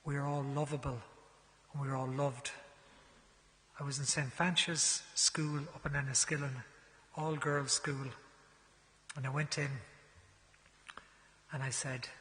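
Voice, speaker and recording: A man giving a parish mission talk, telling a story and swinging from hushed, slow lines to loud, raised ones. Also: mid-range voice, little pitch movement, big-room sound. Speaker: guest speaker. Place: large church.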